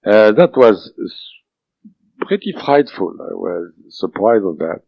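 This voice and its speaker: A man whose first language is French, telling his story as an interview guest, halting and full of fillers and restarts. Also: fairly low pitch, big pitch swings, vocal fry, no echo. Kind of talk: recounting a personal experience in an interview. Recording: dull lo-fi dry recording.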